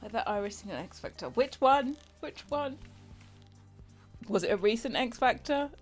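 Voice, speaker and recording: A woman's voice: a little high, expressive, normal speed, soft background music. A tired British woman chatting casually with her live stream, rambling and giggling and muttering to herself while she works. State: tired and yawning. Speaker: Sims custom content creator streaming.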